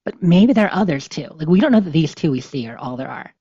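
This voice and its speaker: Woman podcast host, chatty and rambly, lots of fillers, voice a bit husky and low. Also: expressive, quick pace, mellow, dry recording. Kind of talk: casual podcast chat, reading game notes aloud. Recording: slightly dull, dry lo-fi sound.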